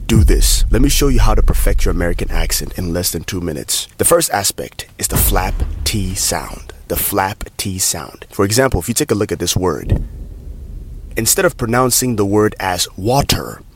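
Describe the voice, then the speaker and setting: A man's voice: deep voice, lively intonation, normal speed, a little hiss or hum. A man coaching pronunciation in a short video lesson, demonstrating sounds by repeating example words several times. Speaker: accent coach.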